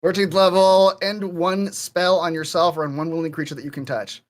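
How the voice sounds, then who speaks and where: Man running a tabletop game, halting. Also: high voice, level tone. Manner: halting, lots of fillers. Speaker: game master.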